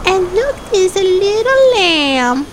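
A woman's voice: extremely high pitch, sing-song, slow, background noise. A woman hosting a children's puppet show, eager and coaxing as she guides the story along.

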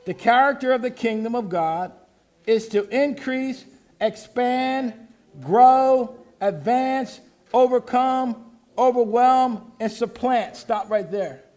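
A pastor preaching, leading the congregation in call and response and shouting out his refrains. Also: extremely high pitch, takes it slowly. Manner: exhorting, shouting refrains, laughing asides.

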